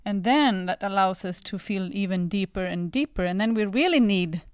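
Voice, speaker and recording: Woman panelist, smooth clear voice, reflective, laughs often, dry sound. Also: mid-range voice, normal speed, no echo. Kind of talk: podium discussion.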